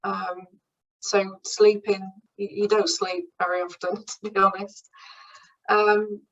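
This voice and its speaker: A woman in her forties talks frankly and informally, hesitating with ums and restarting sentences as she shares her own experience. Her voice sits at an ordinary middle pitch. She is picked up from a little way off the mic. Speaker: speaker at a branch meeting. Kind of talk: informal talk from personal experience. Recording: voice somewhat far from the mic.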